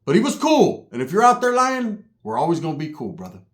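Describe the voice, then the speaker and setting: A man telling a prison story in a casual, profane, jokey way, swinging between loud and hushed. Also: fairly high pitch, wildly swooping pitch, fast. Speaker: storyteller recalling prison time.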